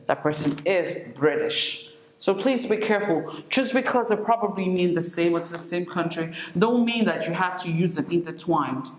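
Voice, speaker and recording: Woman English teacher, deliberate and repetitive; roomy recording with faint hiss. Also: fairly low pitch. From not from Senegal. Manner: slow, repeats each word for drilling. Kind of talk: classroom lesson. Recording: echoey room, faint noise.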